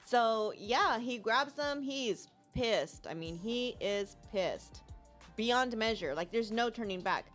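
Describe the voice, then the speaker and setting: A woman telling a story in casual chat with her co-host, expressive and laughing often. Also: on the high side, slow pace, soft background music. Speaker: podcast co-host.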